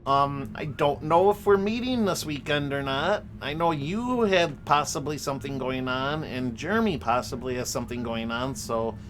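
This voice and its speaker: A man's voice: medium pitch, expressive, normal speed, hardly any pauses, a bit bright, slight background noise. A young man livestreaming a game from his home office, ranting, swearing and laughing as he chats with viewers. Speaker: streamer. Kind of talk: casual gaming livestream chat.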